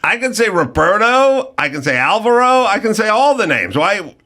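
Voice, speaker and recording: Podcast host guy, high bright voice, jumps around a lot, does little impressions mid-story. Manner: animated, mimics accented speech in quick impressions. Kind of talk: casual chat.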